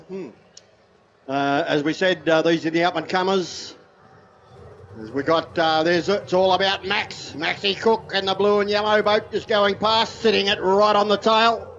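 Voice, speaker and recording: A man's voice: high voice, a bit bright, highs cut off. An older Australian man giving live powerboat race commentary in a chatty way, full of "uh" fillers.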